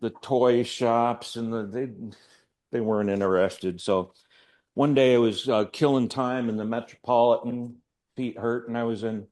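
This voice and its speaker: An older man, an artist, speaks in a fairly low, slightly mellow voice. He gives a loose, rambling talk about his work to a gallery audience, tossing in chatty, self-deprecating asides.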